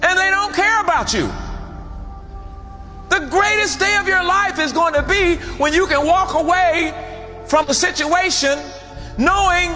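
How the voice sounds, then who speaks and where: High lively male motivational speaker. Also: measured pace. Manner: earnest and preachy. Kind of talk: motivational speech. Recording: speech with music behind.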